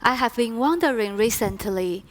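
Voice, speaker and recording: A woman's voice: a little high, expressive, moderate pace, noisy background. A woman in her thirties telling a reflective story in a stage talk. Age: 30s.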